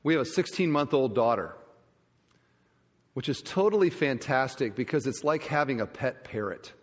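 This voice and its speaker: A man's voice: lively intonation, moderate pace. Preaching man in a reverberant church hall. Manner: emphatic preaching, from loud rises to hushed low endings. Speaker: pastor. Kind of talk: sermon.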